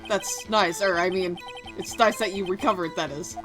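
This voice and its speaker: A woman voicing a calm young male defense attorney with measured, dry questioning. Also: on the low side, music in the background, voice pushed down, lightly acted.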